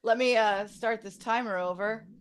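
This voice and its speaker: Over a video call, a woman hosts an online improv game, playfully calling out timed rounds and laughing along as host and timer. Her voice is a little high, clear and resonant, at a normal speed.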